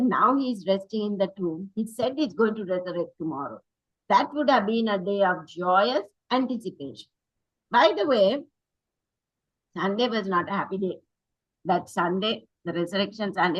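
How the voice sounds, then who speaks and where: A woman's voice: medium pitch, fairly bright tone, no room sound, low-quality recording. A woman preaching a sermon in an earnest, emphatic way, reading quotations aloud and correcting herself as she goes.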